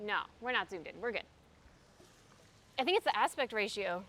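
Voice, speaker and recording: A woman's voice: mid-range voice, expressive, normal speed, fairly bright tone. A young woman streaming live from a windy park by a pond, chatting casually and reading out messages from her chat as she does yoga, recorded on a phone camera. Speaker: streamer doing yoga outdoors.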